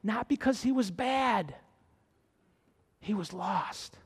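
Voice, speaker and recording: High-voiced preaching pastor, hall reverb. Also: male voice, slow, husky. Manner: preaching with rising excitement and exhortations. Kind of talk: sermon.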